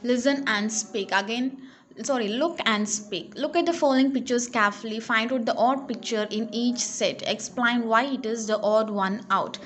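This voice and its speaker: A woman teacher, slowly reading word lists and example questions in a lesson. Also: fairly high pitch, slight background noise. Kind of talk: recorded online English lesson.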